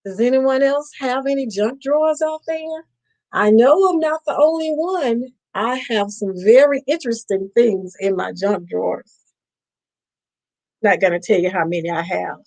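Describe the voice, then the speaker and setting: A woman's voice: on the high side, a little slow, darkish tone, poor audio. A woman host reading a picture book aloud to children on a live stream, playfully stopping to ask them questions.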